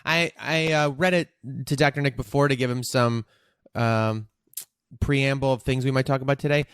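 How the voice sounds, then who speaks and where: A man's voice: medium pitch, steady tone, moderate pace, fairly bright tone, clear, resonant tone, no echo, clean studio sound. A man hosting a podcast, talking candidly and casually, joking one moment and openly emotional the next. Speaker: podcast host.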